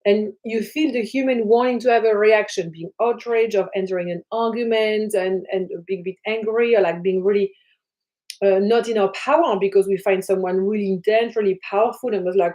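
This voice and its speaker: Woman, spiritual teacher, gentle and rambling, mid-pitched, at home. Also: normal speed, low-quality recording. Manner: soft, flowing, repeats phrases with many fillers. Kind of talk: casual teaching talk. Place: her flat.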